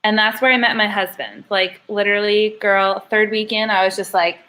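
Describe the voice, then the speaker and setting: A woman's voice: mid-range voice, fairly even intonation, normal speed, very noisy. A woman from Pennsylvania chatting as a podcast guest about her dancing career, stringing her sentences together with constant "like" fillers. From Pennsylvania, USA. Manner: rambling, fills almost every phrase with "like". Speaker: podcast guest, former showgirl dancer. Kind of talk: casual chat.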